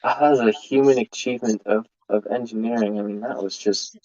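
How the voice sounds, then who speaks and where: Joining a live reaction stream over voice chat, a guest speaks briskly in a fairly low, darkish voice with fairly even intonation. He's easygoing, laughs a lot, and trips over repeated words, all in dull, dry lo-fi voice chat audio.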